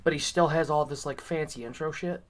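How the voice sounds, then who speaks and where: A man's voice: on the high side, steady tone, brisk. A man chatting casually on a stream, laid-back, swearing often and filling with "like". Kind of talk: casual chat.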